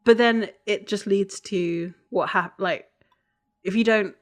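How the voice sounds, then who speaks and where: A woman's voice: mid-range voice, slow pace. A woman co-hosting a podcast, talking through a TV episode in a rambling, thoughtful way. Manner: thoughtful, rambling, trails off mid-sentence. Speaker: podcast co-host. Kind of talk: casual chat discussing a TV episode.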